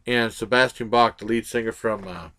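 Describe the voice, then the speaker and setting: A man's voice: lowish voice, fairly even intonation, moderate pace, bright, forceful tone. A man giving a casual movie review, blunt and rambling, with lots of "uh" and restarts.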